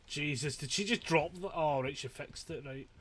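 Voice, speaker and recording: A man giving live commentary on his own gameplay, swearing freely and breaking into panicked yells. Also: on the high side, moderate pace, a little hiss or hum. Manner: sweary, excitable, given to panicked yelling. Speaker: streamer.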